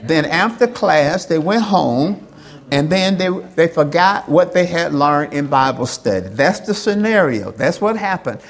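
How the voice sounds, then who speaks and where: A woman's voice: sits low, expressive, a little slow. A woman preaching in church, prompting the congregation to answer back and repeating phrases for emphasis. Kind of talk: call-and-response sermon.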